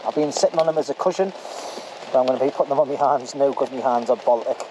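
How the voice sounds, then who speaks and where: A man's voice: medium pitch, quick pace, noisy background. Chatty man in heavy rain. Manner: jokey, chatty, with dialect slang. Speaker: vlogger on a camping trip. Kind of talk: casual outdoor chat to camera. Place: outdoors at a wild camp in heavy rain. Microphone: handheld camera. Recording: outdoor camera audio with loud rain.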